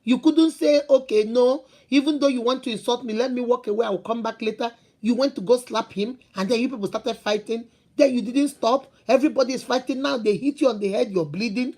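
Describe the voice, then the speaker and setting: A middle-aged woman who gives advice to her viewers in a lively, storytelling way. Her voice sits a little on the high side, and she presses her points with questions and repeats herself for emphasis. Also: quick pace, few pauses. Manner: animated storytelling, rhetorical questions, emphatic repetition. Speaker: host giving relationship advice. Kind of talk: casual advice talk to viewers.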